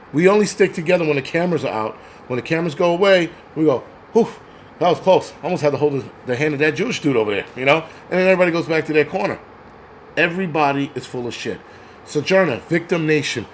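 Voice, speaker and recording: A man's voice: on the high side, slight background noise. Angry ranting New man. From New York. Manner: angry, crude, mocks others in put-on voices. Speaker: host. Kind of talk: profane livestream rant.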